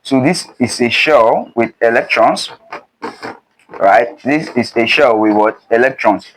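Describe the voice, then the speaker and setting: A man's voice: medium pitch, measured pace, a little hiss or hum, rough recording. Young man, chemistry tutor, call-and-response teaching, keeps prompting "what?", exam prep lesson. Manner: call-and-response prompting, asks "what?" before each answer.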